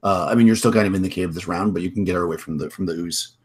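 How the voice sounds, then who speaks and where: A man's voice: low voice, very fast, husky. A man running a tabletop game as game master, narrating in a rambling way with many restarts. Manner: rambling, full of restarts and fillers.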